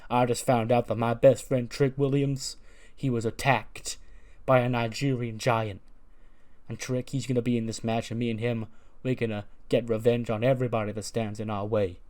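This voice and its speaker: A man's voice: mid-range voice, darkish tone, close to an everyday voice. Man as aggrieved young wrestler, rambling. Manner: rambling, full of fillers. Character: chip-on-shoulder young male wrestler.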